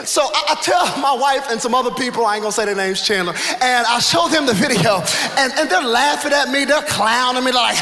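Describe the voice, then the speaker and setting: A male pastor in his thirties preaching a sermon, telling a funny story with animated energy that builds to excited shouts. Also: extremely high pitch, brisk, few pauses, a little hiss or hum. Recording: echoey hall, live room ambience.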